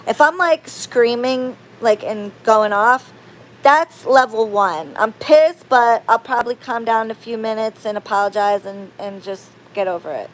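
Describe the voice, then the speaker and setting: Expressive, rambling woman with a higher voice. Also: unhurried. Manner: rambling, expressive, swings from loud outbursts to low murmurs. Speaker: spiritual practitioner and channel host. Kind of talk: casual chat to camera.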